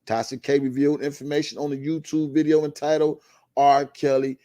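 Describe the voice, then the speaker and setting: A man's voice: fairly high pitch, little pitch movement, dark tone, no room sound, studio quality. A male show host reads a court filing aloud and adds his own commentary in an emphatic way, returning again and again to a repeated catchphrase. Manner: emphatic, repeats a catchphrase refrain, drawn-out stresses. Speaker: host of a live online show.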